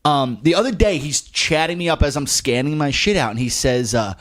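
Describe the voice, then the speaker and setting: Animated young man, higher voice, chatty. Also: a little fast. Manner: animated storyteller, swings into mocking quoted voices. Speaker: podcast co-host. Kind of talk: casual chat.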